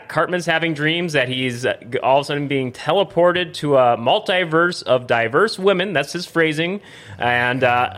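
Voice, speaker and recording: A man's voice: fairly high pitch, fairly bright tone. A man co-hosting a casual review podcast, loosely recapping a cartoon episode and often stopping to restart his sentences. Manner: rambling, stops and restarts while recapping. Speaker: podcast co-host.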